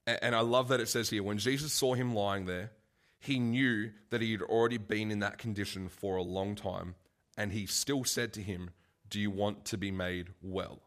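A man's voice: lowish voice, fairly even intonation, moderate pace, fairly bright tone. A man preaching a casual, conversational sermon, full of asides and restarts.

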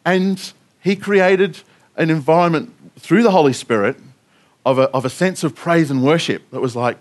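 A man's voice: on the high side, moderate pace. A man speaking as a pastor, giving an earnest sermon testimony, telling a story with frequent restarts.

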